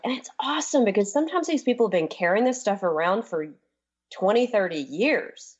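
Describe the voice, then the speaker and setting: An enthusiastic woman coach talks in a casual radio interview, her voice at a middle pitch. She rushes ahead in bursts, then stretches out key words. The sound is dull and lo-fi. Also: animated, a little mellow, breathy edge. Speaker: guest, transformation coach.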